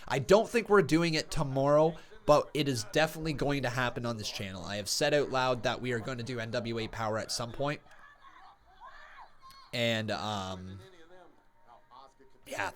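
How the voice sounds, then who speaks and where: A man hosting a casual live reaction stream. He chats with viewers and bursts into excited play-by-play shouts, and a sore tongue slightly alters his speech. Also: medium pitch.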